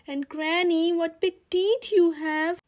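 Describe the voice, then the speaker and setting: A woman reading aloud and voicing a polite, timid little girl in a high, sweet voice. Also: steady tone, takes it slowly, a little mellow. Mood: wondering.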